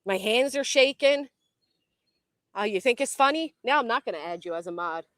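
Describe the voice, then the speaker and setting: Woman streaming outside by a tree, kinda high voice, cusses constantly, easily spooked, dry close sound. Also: animated, moderate pace, a bit bright, no echo. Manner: jumpy, swears a lot, talks to chat. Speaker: commentary livestream host. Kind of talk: casual livestream commentary. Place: outdoors sitting by a tree.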